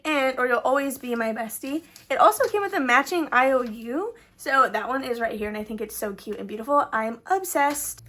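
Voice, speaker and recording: A woman's voice: high-pitched, pushed and bright. A young woman casually vlogging her savings challenges, chatty and full of fillers, her sentences trailing up at the end. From Texas. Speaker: budgeting vlogger.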